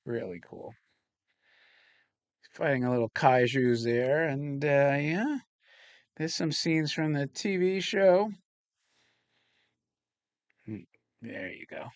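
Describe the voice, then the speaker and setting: A man's voice: fairly high pitch, expressive, slow, pauses often, no room sound. A man hosting a casual unboxing chat, rambling and swearing casually as he talks. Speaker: toy collector host.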